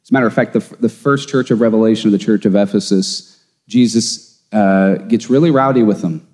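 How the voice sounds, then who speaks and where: Animated man in a reverberant room. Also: on the low side, a little fast. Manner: animated, emphatic storyteller. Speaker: theology teacher. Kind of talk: casual podcast conversation.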